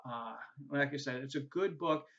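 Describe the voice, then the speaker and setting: Bright-voiced New England college instructor. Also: male voice, mid-range voice, moderate pace. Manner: casual and chatty, tags points with "right?", many "uh" fillers. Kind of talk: recorded course welcome video. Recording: dull lo-fi recording.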